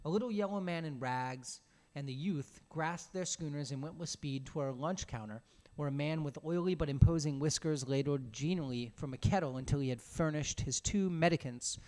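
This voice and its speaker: A man reading a classic story aloud, alone in a small room, with a somewhat high voice. He reads expressively and breaks off now and then for casual asides. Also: darkish tone. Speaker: reader.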